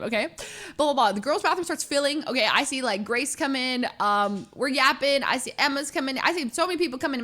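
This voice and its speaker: High-voiced young woman telling a story. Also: a little fast. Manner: animated, laughing often, many fillers. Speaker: streamer. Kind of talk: casual storytelling.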